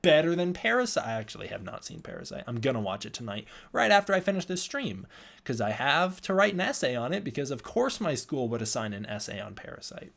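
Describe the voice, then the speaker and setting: A man's voice: medium pitch, big pitch swings, fast talker, creaky, fairly bright tone. Young male streamer, tired, rambling casual chat with viewers. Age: young adult. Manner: rambling, reads and answers chat. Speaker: livestream host.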